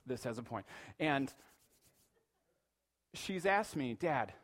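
A middle-aged man preaching a sermon in an animated, playful way, acting out little voices in his asides. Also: medium pitch, normal speed, long pauses. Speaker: pastor.

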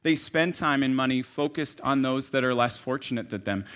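A man preaching a sermon in a conversational, storytelling way, dropping to soft asides and rising to emphatic lines. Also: medium pitch, normal speed, clean tone. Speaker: pastor.

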